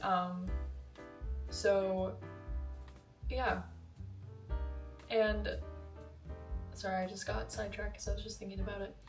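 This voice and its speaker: A young woman vlogger chatting about a film in a rambling, casual way, full of fillers and asides. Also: mid-range voice. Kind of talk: casual film review monologue. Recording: roomy echo, voice a bit far from mic.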